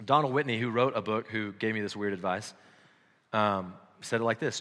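A man preaching a sermon in a casual, conversational way, swinging between loud exclamations and quiet, reflective passages. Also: fairly low pitch, brisk, big-room sound. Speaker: pastor.

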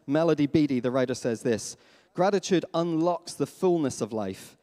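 Animated male pastor preaching in a hall. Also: fairly high pitch, normal speed, few pauses. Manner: animated, asks the congregation questions. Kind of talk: sermon. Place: church hall. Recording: long hall reverb.

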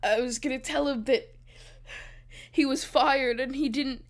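A woman's voice: high voice, steady tone, a little slow, voice pushed up. A woman voicing a bumbling male jeweler in a put-on British accent, hammy and melodramatic. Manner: hammy, giggling through the lines.

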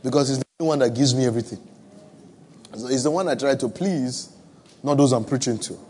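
A man's voice: mid-range voice, brisk, a little mellow, a little hiss or hum. A man with a West African accent preaching a sermon to a church audience, conversational and humorous, repeating his phrases for emphasis. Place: church with live and online audience.

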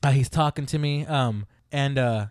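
A man casually telling a story on a podcast, animated and profane, laughing often. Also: mid-range voice, moderate pace, no echo, studio quality.

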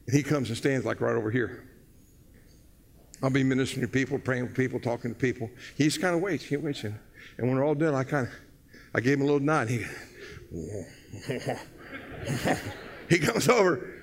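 A older man preaching a sermon, telling stories with energy that swings from loud to hushed. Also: medium pitch, moderate pace, long pauses. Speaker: pastor. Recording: long hall reverb.

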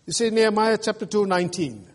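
A man's high, lively voice carries through a reverberant church hall as this Australian pastor preaches emphatically to his congregation in the sanctuary. His delivery mixes mocking jeers with pauses.

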